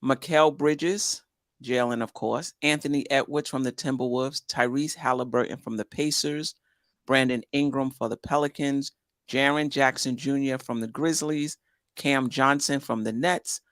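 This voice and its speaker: A man's voice: medium pitch, steady tone, unhurried, a bit bright, dry recording. A man with a mid-range voice talks plainly and steadily on a sports podcast, reading items off a list. The recording is dry, with no room sound. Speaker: podcast co-host. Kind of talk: casual sports chat.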